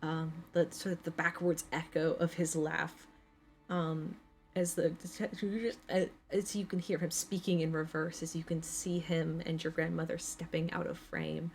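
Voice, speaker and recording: A woman narrating as game master of a tabletop game, halting with many fillers. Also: low-pitched, flat delivery, a little mellow, faint music behind.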